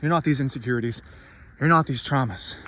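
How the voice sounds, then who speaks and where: A man's voice: mid-range voice, fairly quick, bright, forceful tone. A man giving a profane, sarcastic motivational rant, worked up and swearing freely. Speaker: vlogger.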